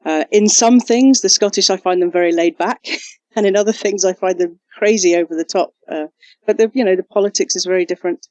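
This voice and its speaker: A woman from England with an English accent, a junior doctor chatting as a podcast guest, cheerful and quick to laugh. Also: medium pitch, mellow, dry recording. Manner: cheerful, laughs often, some restarts. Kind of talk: casual interview chat.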